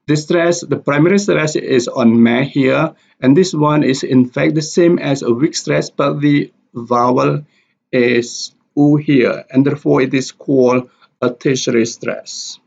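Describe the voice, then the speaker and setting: A man teaching English pronunciation, explaining stress and repeating example words slowly and deliberately. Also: mid-range voice, fairly even intonation, vocal fry, darkish tone. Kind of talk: slow explanatory lesson with spoken examples. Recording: dull lo-fi recording.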